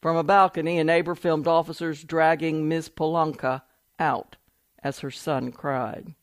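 A man reads a news report aloud in a steady, measured voice that sits a little high for a man. The sound is close and dry, with no room around it. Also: dry recording. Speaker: news article reader.

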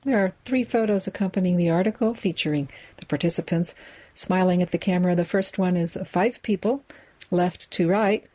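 A woman reading a magazine aloud in a measured way, describing its photos with the odd aside. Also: on the low side, warm tone, poor audio. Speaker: reader of a magazine for listeners.

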